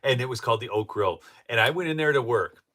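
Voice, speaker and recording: A man's voice: medium pitch, animated, quick pace, bright, forceful tone. A man from northern Minnesota hosting a casual commentary livestream, rambling and chatty with many fillers and restarts. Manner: breaks into laughter while telling stories. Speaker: show host.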